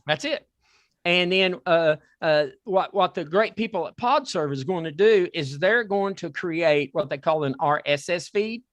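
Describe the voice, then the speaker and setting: A man with a Southern accent hosting a talk podcast, excitable and repeating himself as he pitches a sponsor. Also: unhurried, no echo. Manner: excitable, repeats words and restarts. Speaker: podcast host. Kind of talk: casual chat with a sponsor plug.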